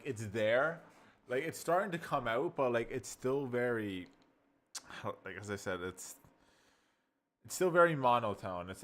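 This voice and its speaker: A man casually reviewing software while thinking aloud, rambling as he goes. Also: on the low side. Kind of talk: casual screen-recording review.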